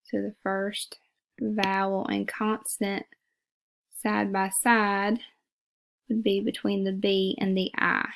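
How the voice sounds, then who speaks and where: A woman's voice: mid-range voice, little pitch movement, takes it slowly, gravelly, long pauses, slight background noise. A woman teacher giving a phonics lesson, patiently repeating words and sounding them out syllable by syllable.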